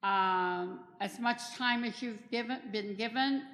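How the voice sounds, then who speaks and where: Taking it slowly, a middle-aged woman with a fairly high, fairly bright voice leads a disaster response training in a church hall. The talk is chatty and practical, with personal stories, and the hall adds long, echoing reverb.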